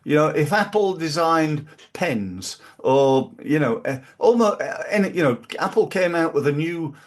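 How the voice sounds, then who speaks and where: A man's voice: fairly high pitch, big pitch swings, measured pace. A man talking casually about marketing as a business coach, rambling and acting out little scenes.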